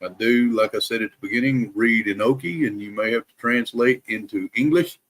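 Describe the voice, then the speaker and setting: A man hosting a daily Bible live stream, reading scripture aloud slowly and deliberately, careful to pronounce every word, with casual asides to his viewers. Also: mid-range voice, fairly bright tone.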